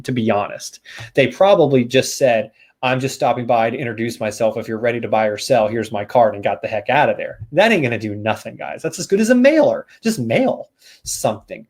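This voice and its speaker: Seminar trainer, male, folksy straight talk, coaching agents, middle pitch. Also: a little mellow, husky. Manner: casual, folksy coaching with acted-out door scripts. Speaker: real estate sales trainer.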